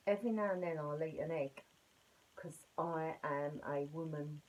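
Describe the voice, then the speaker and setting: A woman's voice: fairly low pitch, a little mellow, low-quality recording. A middle-aged woman talks through a casual yoga lesson at home. She rambles happily and keeps poking fun at herself as she explains. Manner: chatty, self-mocking, rambling. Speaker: yoga teacher.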